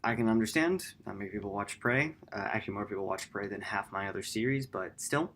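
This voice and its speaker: Talking quickly but in a quiet, low-key way, a gaming channel host rambles through his upload plans in a late-night vlog, correcting himself as he goes. A little hiss or hum is audible.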